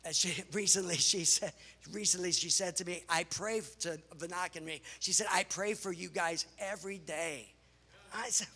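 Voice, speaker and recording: High, gravelly-voiced American preacher man. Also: unhurried. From United States. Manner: lively anecdotal storytelling with laughter and exclamations. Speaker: pastor and missionary. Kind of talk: sermon storytelling with slides. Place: large church hall before a congregation. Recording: reverberant church hall.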